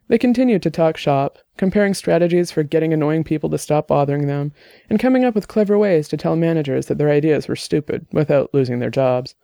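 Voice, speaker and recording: A male audiobook narrator reading a novel aloud in a steady, even way. His voice sits a little high with a mellow, soft tone, recorded close and dry. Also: fairly quick, gravelly, no echo.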